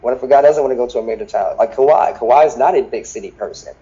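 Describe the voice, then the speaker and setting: Mellow-voiced man in laid-back sports chat. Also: medium pitch, muffled recording. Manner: laid-back, halting, often says "you know what I'm saying". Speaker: podcast co-host. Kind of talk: casual sports talk.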